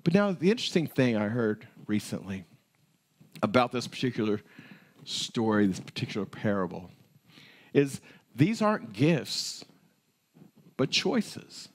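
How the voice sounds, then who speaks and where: Animated, conversational male pastor. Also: medium pitch, measured pace, pauses often. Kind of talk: sermon.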